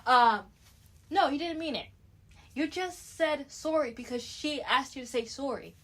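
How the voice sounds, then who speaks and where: A young Canadian woman talks straight into the camera in a casual, opinionated way. Her voice sits a little high for a woman, and she calls her viewers "guys" as she works through her points. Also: measured pace, fairly bright tone. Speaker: reality TV recap vlogger. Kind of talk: casual chat.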